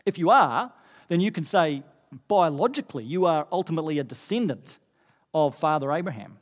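A middle-aged man preaching a sermon to a congregation in a church hall, animated and rising in pitch when he stresses a point. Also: a little fast. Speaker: pastor. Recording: long reverb of a church hall.

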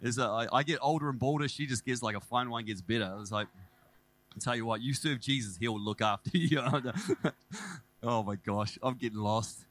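Bright-voiced New preacher man. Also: mid-range voice, fairly quick. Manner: casual, animated, self-deprecating storytelling. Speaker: preacher sharing testimony. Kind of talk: sermon testimony. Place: church service.

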